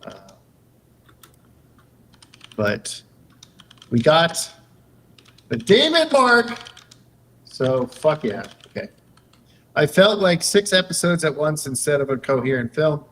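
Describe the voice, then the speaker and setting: A young man hosts a relaxed live stream, joking around and reading viewer messages aloud as he clicks through menus. His voice sits somewhat high for a man, and he talks at an unhurried pace. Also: low-quality recording. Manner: loose, joking, reads chat aloud while clicking around. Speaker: streamer and host. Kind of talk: casual live-stream chat.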